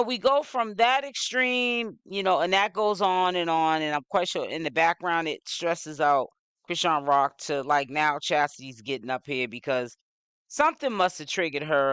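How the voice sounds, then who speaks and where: A man's voice: fairly high pitch, bright, forceful tone, clean tone, dry recording, studio quality. A man giving casual commentary, rambling along with lots of "you know" fillers.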